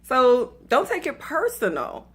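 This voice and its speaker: A woman's voice: sits high, huge pitch swings, a little slow, a bit bright, husky. A woman from the US South with a Southern accent, giving faith-based dating advice in a chatty, playful way and talking straight to her viewers. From Atlanta, US South. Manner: chatty, playful, laughs at her own story; addresses viewers directly as y'all.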